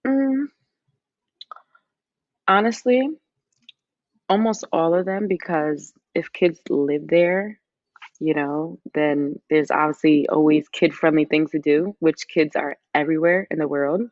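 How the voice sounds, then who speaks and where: A woman's voice: sits low, slow pace, long pauses, darkish tone, dry recording, muffled recording. A woman from New York, a podcast guest chatting casually with many fillers.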